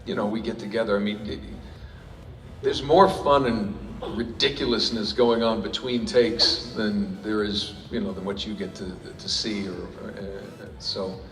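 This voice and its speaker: A man's voice: lowish voice, fairly even intonation, a little slow, over music. Man, panel guest, rambling and jokey, echoey hall, distant mic. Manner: rambling, self-interrupting, jokey. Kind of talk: convention panel Q&A answers. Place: large convention hall. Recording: echoey hall recorded from far off.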